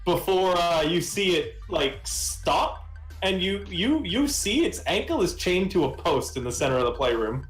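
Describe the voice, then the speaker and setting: A man's voice: high-pitched, very animated, a little slow, echoey room, faint music behind, poor audio. A man narrating as game master of a tabletop game, rambling with restarts. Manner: rambling, many fillers and restarts.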